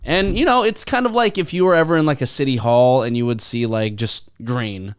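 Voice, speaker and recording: A man co-hosting a podcast in an easygoing, laughing way, with some casual swearing. His voice is smooth and clear at a middle pitch. The sound is dry and close to the mic. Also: a little fast, no echo. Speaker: podcast co-host.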